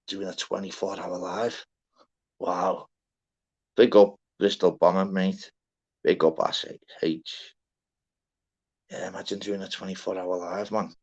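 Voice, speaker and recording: A man's voice: deep voice, steady tone, normal speed, long pauses, a little mellow. A young Scouse man hosting a casual livestream, chatty and sweary, greeting viewers by name. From Liverpool, England. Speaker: livestream panel host. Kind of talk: casual live chat. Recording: dull lo-fi stream audio.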